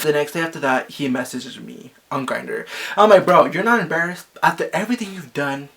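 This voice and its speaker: A young man telling a story casually, animated and gossipy, filling his talk with "like" and acting out the quotes loudly. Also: normal speed. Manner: animated, acts out quotes with sharp jumps in pitch and volume; gossipy, frequent "like" fillers. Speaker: vlogger.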